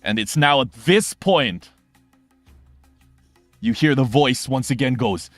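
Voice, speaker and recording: A young man running a tabletop game as game master, narrating in an animated, fast way with sound effects and quick restarts. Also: mid-range voice, no room sound, faint music behind.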